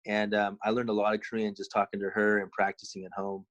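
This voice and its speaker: A man in his thirties in casual podcast chat, relaxed and rambling with many fillers. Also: fairly low pitch, quick pace, muffled recording. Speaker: podcast co-host.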